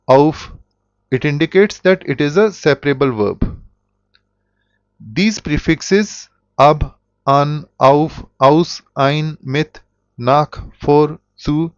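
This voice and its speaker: Slow-speaking man teaching. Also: on the high side, smooth, no echo. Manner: slow, deliberate, with self-corrections. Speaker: German teacher. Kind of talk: explanatory language lesson. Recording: dull, dry lo-fi audio.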